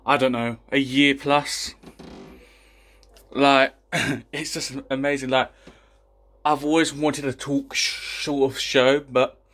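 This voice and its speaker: A man, out of breath and excited, rambling through a casual vlog announcement as a YouTuber. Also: mid-range voice. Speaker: YouTuber and podcast host.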